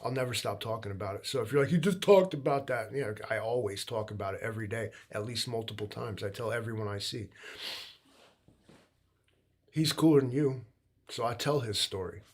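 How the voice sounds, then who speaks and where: This young livestream co-host talks fairly quickly in a fairly low-pitched voice with fairly even intonation. His casual chat wanders in a loose, laid-back way, thick with likes and ums.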